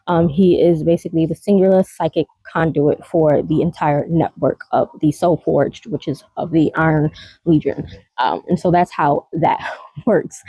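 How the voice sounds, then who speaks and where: Woman vlogger, warm low voice, rambling casual delivery with laughs, dry close sound. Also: dry recording, low-quality recording. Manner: rambling, laughs often, many fillers. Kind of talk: casual chat.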